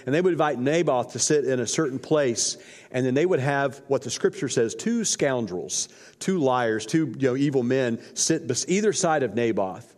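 A man preaching a sermon, retelling scripture in a casual, slangy storytelling way. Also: mid-range voice. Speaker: pastor. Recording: long hall reverb.

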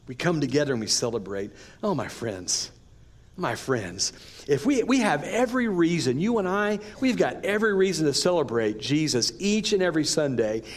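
A man preaching a sermon, reading scripture and adding casual, animated asides to the congregation. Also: on the high side. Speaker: pastor.

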